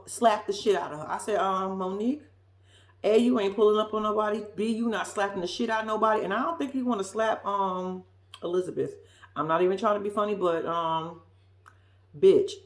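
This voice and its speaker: A woman's voice: medium pitch, roomy sound. A woman giving a blunt, profane, sassy recap of a reality TV episode, acting out what people said in exaggerated voices. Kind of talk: casual reaction commentary.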